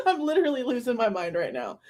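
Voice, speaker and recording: High, lively woman reacting live. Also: fast talker, background noise. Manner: incredulous, laughing, profane. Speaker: true crime reaction streamer.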